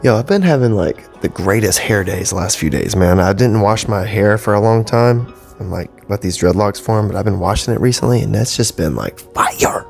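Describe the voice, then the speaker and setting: Creaky and lowish, this podcaster's voice moves at a moderate pace with hardly any pauses, over faint background music. The man, in his thirties, hosts solo from a home studio with cables, using a podcast mic, speaking bluntly with heavy swearing and rambling asides.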